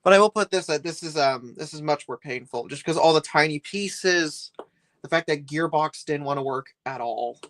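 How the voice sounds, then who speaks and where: A man's voice: a little high, normal speed, fairly bright tone. A man streaming live while he builds a set, rambling and chatty, complaining with a laugh.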